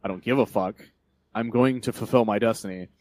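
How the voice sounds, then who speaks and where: A man's voice: fairly low pitch, a little fast, darkish tone, dry recording, natural voice. A man doing a fixated alien android villain. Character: cold, single-minded male alien android villain.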